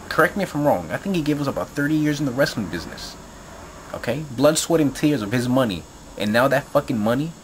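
A video blogger, male, delivers an angry, profane rant straight to camera, rambling along with plenty of fillers and repetition. His voice sits in the mid range, and there's slight background noise.

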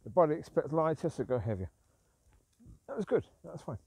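Out at night with his dogs, a man rambles in a walk-and-talk vlog, grumbling and saying things over again. His fairly high, sing-song voice moves a little fast, with vocal fry, a slightly mellow tone, and a breathy edge, recorded without echo.

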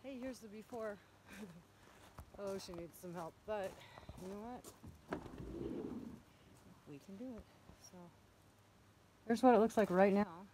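A woman vlogging outdoors on a chilly mountain while walking her dogs, a bit out of breath, calling to them in a high sing-song voice. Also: slow pace, pauses often, background noise. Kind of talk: casual vlog narration while walking dogs.

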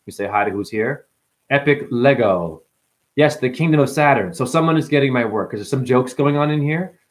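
Man, livestream host, casual, joking, medium pitch. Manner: loose, joking, talks to chat by name. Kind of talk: casual livestream chat reading comments.

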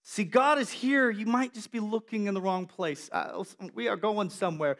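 High-voiced, animated male preacher. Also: normal speed, hardly any pauses. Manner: animated, acts out the voices in the story. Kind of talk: sermon.

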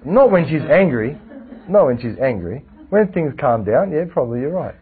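A man, teaching a religious class with lively rhetorical questions to his students. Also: a little high, normal speed. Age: 40s. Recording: tinny lo-fi lecture recording.

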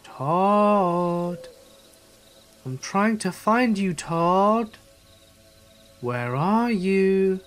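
Narrator putting on high, loud, far-off calls of an unseen mimic in the woods. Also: male voice, animated, faint music behind, heavily acted. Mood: eerie calling. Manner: loud, high, drawn-out calling. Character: unseen mimicking thing calling from dark woods.

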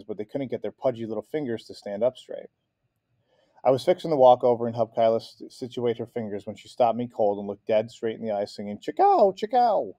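A man narrating a children's chapter book aloud in an expressive read-aloud manner. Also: mid-range voice, no room sound. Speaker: audiobook reader. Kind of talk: storybook narration.

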